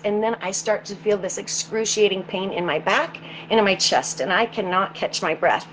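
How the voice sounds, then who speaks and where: A woman being interviewed shares a personal story earnestly but haltingly, often repeating words while searching for them. Her voice is medium-pitched, and the audio is poor with slight background noise.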